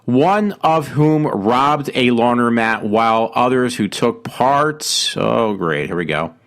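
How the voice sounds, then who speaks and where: A man's voice: medium pitch, expressive, takes it slowly, a bit bright. Rambling man hosting a casual show. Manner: rambling, self-correcting, frequent ums. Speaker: host. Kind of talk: casual solo show chat. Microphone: home mic being adjusted.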